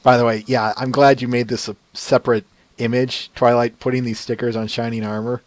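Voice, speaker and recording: A man's voice: medium pitch, flat delivery, a little fast, no room sound. Chatty male podcast host. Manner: chatty, laughs often. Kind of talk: casual chat.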